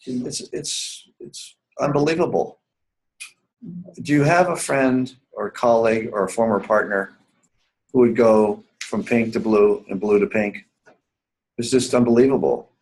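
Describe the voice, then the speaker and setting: A man's voice: mid-range voice, unhurried, darkish tone, low-quality recording. A man teaching a writing seminar class live, emphatic and repetitive, often asking the students whether they follow. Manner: emphatic, repeats key points, asks the class questions.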